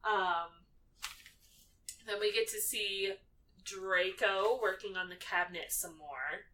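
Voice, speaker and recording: A woman's voice: medium pitch, slow pace, sharp tone. A young woman co-hosting a podcast, casually recapping a film in a breezy way, swearing now and then and acting out characters. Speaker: podcast co-host. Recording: distant mic, faint background noise.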